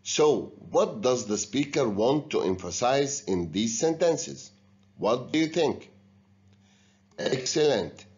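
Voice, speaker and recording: A man teaching an English grammar lesson to students in a recorded video, explaining slowly and guiding them step by step. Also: mid-range voice, animated, a little mellow, highs cut off.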